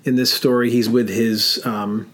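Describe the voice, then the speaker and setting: A man co-hosting a relaxed podcast chat. His pitch sits in a middle range. He speaks haltingly, pausing on fillers and restarting his sentences. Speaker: podcast co-host. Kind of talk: casual podcast discussion.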